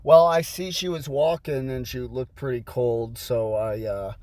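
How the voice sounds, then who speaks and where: A man's voice: medium pitch, fairly even intonation, measured pace, darkish tone, no echo. A young adult man casually telling a rambling, profane story full of fillers, recorded in a car. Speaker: vlogger. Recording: noisy car background. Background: car and road noise.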